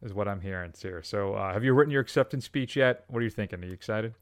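A man's voice: fairly low pitch, fast, no room sound, studio quality. A man co-hosting a film podcast, rambling and joking with many fillers. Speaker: podcast co-host. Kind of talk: casual comedic film chat.

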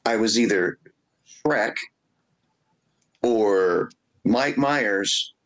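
A man from Indianapolis, a guest on an interview, telling animated stories with frequent laughs and dipping into a Scottish brogue. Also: mid-range voice, normal speed, gravelly, rough recording. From Indianapolis, USA. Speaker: guest musician and actor. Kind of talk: casual interview chat.

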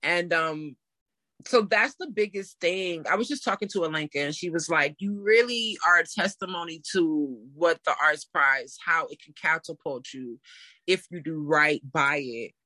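A woman in her thirties telling a story in a casual interview, animated and laughing as she acts out what people said. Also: sits low, normal speed, dry recording. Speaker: interview guest.

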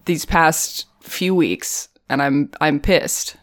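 Low-pitched woman co-host, chatty and animated, laughs a lot, casual episode recap. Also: slow pace. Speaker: podcast co-host.

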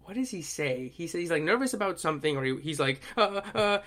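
Man, young adult, slightly high voice, casual podcast chat, rambling, filler-heavy. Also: fast talker. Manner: rambling, many fillers, animated. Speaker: podcast co-host.

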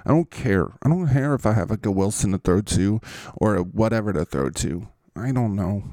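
A man's voice: fairly low pitch, lively intonation, moderate pace, mellow, no echo, studio quality, close to an everyday voice. A man doing a whiny, sulking benched quarterback. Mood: sulky. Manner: whining, sulky, self-pitying. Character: whiny benched adult male quarterback, petulant.

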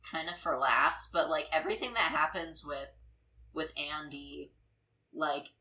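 Low bright-voiced woman, rambling chat. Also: measured pace, low-quality recording. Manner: rambling, lots of "like" and "uh", laughs often. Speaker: podcast co-host. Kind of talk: casual film discussion.

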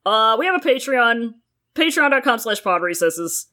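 Woman, podcast co-host, animated pitch, a bit high, wry, swears. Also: moderate pace. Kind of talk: casual podcast banter.

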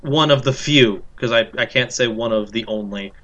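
A man in casual fan chat, talking in a measured, informative way with dry remarks. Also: medium pitch, bright, forceful tone, highs cut off.

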